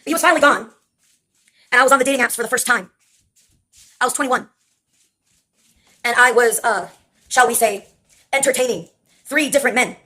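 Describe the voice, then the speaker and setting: A young woman in her twenties tells personal stories in a casual vlog. She rambles with a dry, wry tone and pauses on many fillers. Her voice sits on the higher side. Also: sharp tone. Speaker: vlogger. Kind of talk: casual storytelling monologue.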